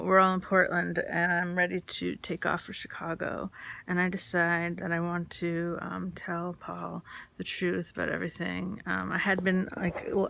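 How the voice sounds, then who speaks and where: Woman, gravelly vocal fry, candid confessional storytelling, rambling with fillers. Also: on the low side, fairly bright tone.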